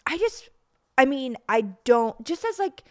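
A woman's voice: high voice, sing-song, a little slow. A young woman co-hosting a podcast, teasing her partner in casual chat, laughing often and saying "like" a lot. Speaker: podcast co-host.

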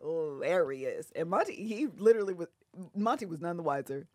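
A woman co-hosting a podcast, telling a story in a casual, animated way and laughing often as she acts out what people said. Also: on the low side, moderate pace, no room sound, studio quality. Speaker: podcast co-host.

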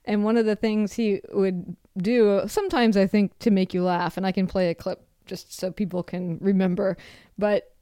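A woman with a mellow, warm voice asks questions and listens closely in an easygoing conversation. Her sound is close and dry, with no room around it, and her pitch is medium. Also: fairly even intonation, normal speed, clear, resonant tone, dry recording. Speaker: podcast co-host. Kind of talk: casual interview chat.

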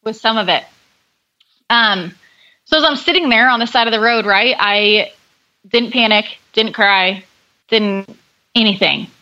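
A woman's voice: fairly high pitch, measured pace, pauses often, sharp tone, lo-fi sound. A young woman guest speaking candidly and upbeat in a casual podcast conversation, telling her own story.

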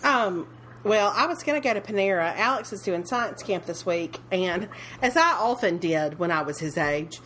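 A woman's voice: medium pitch, lively intonation, normal speed, a bit bright, a little hiss or hum. Rambling woman podcaster chatting at home. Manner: rambling, self-correcting, many fillers. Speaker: podcast co-host. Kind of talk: casual chat. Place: home, dishwasher running nearby.

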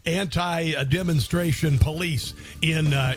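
A man's voice: a little high, moderate pace, soft background music. A middle-aged man hosting a political talk radio show, rambling and sarcastic, with many fillers as he comments over a clip.

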